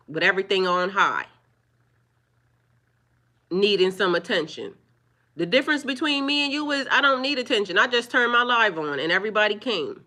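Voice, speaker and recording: A woman talking live to her viewers, firmly scolding trolls in a preachy, drawn-out way. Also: mid-range voice, pushed and bright. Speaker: livestreamer. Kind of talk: live-stream chat with viewers.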